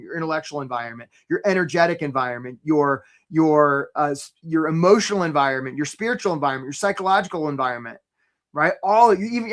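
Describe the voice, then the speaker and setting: Energetic man coaching job seekers. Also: a little high. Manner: energetic, conversational, keeps asking "right?"; greets attendees by name mid-talk. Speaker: career coach hosting a webinar. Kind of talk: live webinar teaching.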